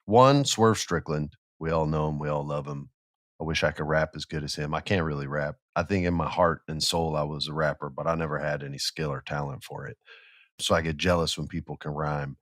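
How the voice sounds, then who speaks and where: A man's voice: extremely low pitch, fairly quick, no echo, clean studio sound. A man hosting a casual wrestling podcast, telling stories with acted-out quotes and sound effects. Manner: animated storyteller who acts out quotes and sound effects. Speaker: podcast host.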